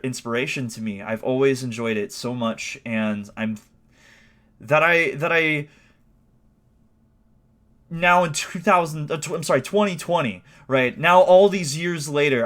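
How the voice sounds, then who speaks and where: A man in his twenties streaming live, talking casually in an excitable, emotional way with lots of fillers. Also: mid-range voice. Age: 20s.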